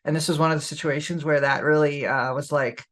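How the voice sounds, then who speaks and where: She has a deep voice with fairly even intonation and a brisk delivery; as a young adult podcast co-host she shares a story in a casual, candid way, with lots of fillers and laughter mixed in.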